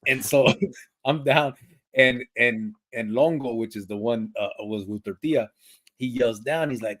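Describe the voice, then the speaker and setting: Slangy guy telling a prison story, bit husky, chuckles a lot. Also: mid-range voice, moderate pace, a bit bright. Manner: slangy, laughs while telling stories. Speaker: podcast host. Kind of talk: casual storytelling.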